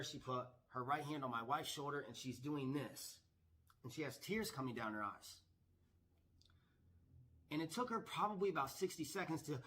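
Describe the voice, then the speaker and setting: A man's voice: mid-range voice, pushed and bright. A man, a professional gambler, telling a story to camera in an eager, boastful, repetitive way.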